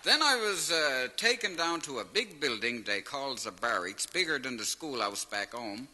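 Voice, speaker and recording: A man's voice: mid-range voice, lively intonation, moderate pace, pushed and bright. A man voicing a naive young rural soldier, earnestly reading his letter home in a comic monologue. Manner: simple, earnest dialect storytelling. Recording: reverberant vinyl transfer with faint hiss.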